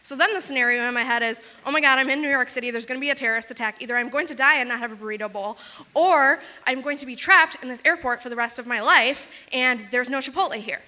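Woman, comic storyteller, self-mocking, sharp bright tone, long hall echo. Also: sits high. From Wisconsin. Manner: fast, self-mocking, lots of "like". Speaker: storyteller on stage.

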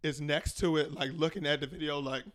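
A man in his thirties from Maryland, chatting as a comedy podcast guest. His voice sits a little high for a man, and he rants in slangy, animated bursts. He drops into mocking impressions as he goes. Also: a little fast. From Prince George's County, Maryland. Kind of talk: casual podcast chat.

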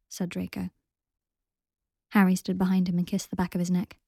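A woman narrating a story aloud in a calm, steady way. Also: on the low side, normal speed, creaky, no echo, studio quality. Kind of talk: audiobook reading of fan fiction.

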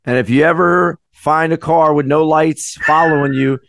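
Deadpan teasing man on a podcast. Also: fairly high pitch, normal speed, a little hiss or hum. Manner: dry teasing, deadpan jokes. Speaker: podcast co-host. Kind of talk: casual chat among friends.

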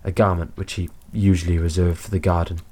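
Low deep voiced guy narrating a story, calm and steady. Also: fairly quick. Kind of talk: scripted story reading.

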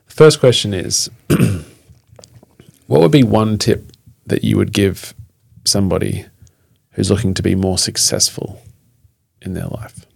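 A man's voice: fairly low pitch, slow, vocal fry, slightly rough, dry recording. A man hosting a podcast, asking his guest questions in a friendly, hesitant way with many fillers. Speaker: podcast host. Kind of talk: interview closing questions.

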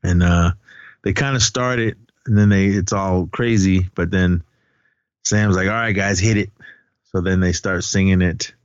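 A man co-hosting a podcast walks through a film scene by scene in loose, rambling chat, often slipping into quoted lines. His voice sits fairly low. The recording is dry and slightly dull. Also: steady tone, a little slow, smooth, no echo. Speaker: podcast co-host. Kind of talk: casual movie recap chat.

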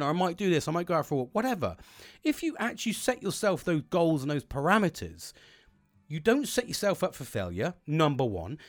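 A man speaks into his home podcast mic in a casual motivational monologue. His voice sits a little high for a man and leaps up and down with animated swings. He swears constantly and breaks into quick impressions of other people. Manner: heavy swearing, animated, acts out quoted people. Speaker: podcast host. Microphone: home podcast mic setup.

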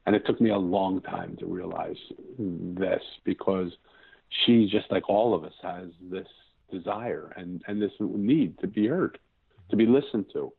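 Interview guest, male, 50s, low husky voice, earnest and searching, tinny phone-quality audio. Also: a little slow. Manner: earnest, searching for words, restarts sentences. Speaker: podcast guest. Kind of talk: reflective personal storytelling.

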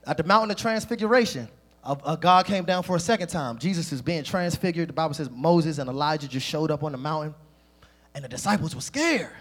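Husky, high-voiced male preacher. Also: brisk. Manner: lively, addresses the congregation directly. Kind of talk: sermon.

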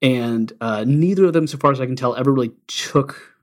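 A man tells stories on a casual podcast at an easy pace, pausing often on uhs and ums as he remembers details. His pitch is an ordinary middle male level. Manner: relaxed storytelling, halting with many uhs and ums. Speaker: podcast co-host. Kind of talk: casual music podcast chat.

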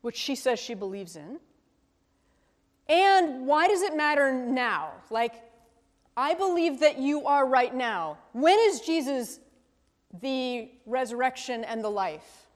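A woman's voice: sits high, sing-song, slow. A woman leading a conversational Bible study, thinking aloud and asking the group questions with a frequent "right?". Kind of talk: conversational scripture teaching. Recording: long reverb from a hall.

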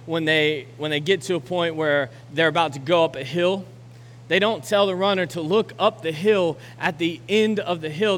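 A young adult man preaches a sermon in a church auditorium, his voice set fairly high. He climbs into loud, urgent exhortation, then eases into a quiet, reflective close. Long hall reverb trails each phrase over faint background noise. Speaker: pastor.

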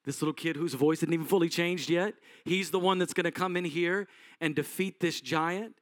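A man's voice: on the high side, steady tone, normal speed, no room sound, studio quality, lightly acted. A man voicing an ancient king on his throne who mutters to himself in disbelief. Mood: disappointed.

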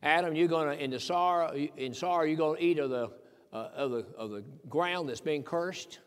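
A man's voice: fairly high pitch, normal speed, smooth. An older man from Tennessee preaching a sermon in a folksy, emphatic way that builds into fervent peaks. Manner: folksy, emphatic preaching with rising fervor and chuckles. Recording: long reverb of a church hall.

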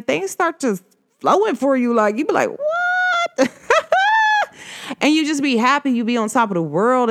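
Lively-voiced woman podcaster, preachy and casual. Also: mid-range voice. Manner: preachy, informal, addresses listeners as y'all. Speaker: podcast host. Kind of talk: casual motivational podcast talk.

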